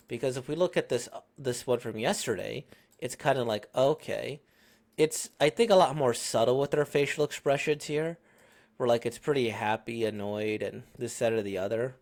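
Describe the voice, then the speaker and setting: A man giving casual reaction commentary, thinking out loud as he talks. He hesitates often, fills gaps with ums and corrects himself mid-sentence, at a middle pitch. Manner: musing, hesitant, lots of ums and self-corrections. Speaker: comic reaction host.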